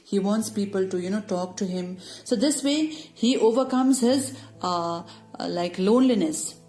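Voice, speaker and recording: Woman teacher, soft mellow tone, patient and explanatory, faint music underneath. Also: medium pitch, moderate pace. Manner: patient explanatory, frequent "you know" fillers. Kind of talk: explaining a story summary to students.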